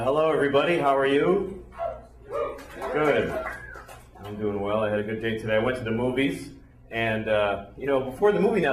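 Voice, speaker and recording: A middle-aged man doing a rambling, deadpan stand-up set on a club stage. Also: mid-range voice. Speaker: stand-up comedian. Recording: echoey club, crowd laughter. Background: laughing audience.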